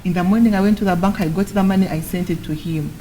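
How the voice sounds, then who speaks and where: A woman's voice: lowish voice, quick pace, a little hiss or hum, low-quality recording. A young woman from Uganda with a Ugandan accent, a guest telling her life story in an interview and acting out the conversations with lots of "I'm like". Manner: animated, acts out dialogue with many "I'm like" quotes.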